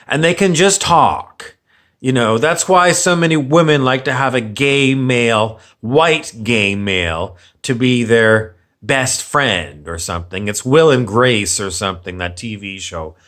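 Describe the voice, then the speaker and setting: A man's voice: medium pitch, measured pace, a bit bright. A man ranting on camera as a vlogger, sarcastic and meandering, often repeating himself. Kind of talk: rambling opinion rant.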